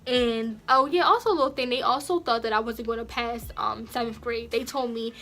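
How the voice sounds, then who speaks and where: A young woman vlogger telling a casual story, acting out the quotes in louder, raised voices. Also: on the high side, steady tone, brisk.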